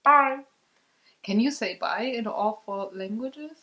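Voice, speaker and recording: A woman's voice: fairly high pitch, takes it slowly, lo-fi sound. A young woman whose first language is German hosts a casual board game vlog with her husband, often giggling and cheerful. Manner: giggly, cheerful sign-offs. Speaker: vlog host.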